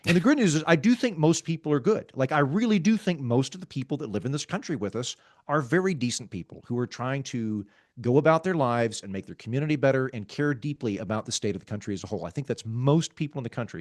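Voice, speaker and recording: A man, a guest author in a podcast interview, explaining ideas in a wry, self-aware, calm and measured way. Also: mid-range voice, no echo, studio quality. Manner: talks calmly, measured.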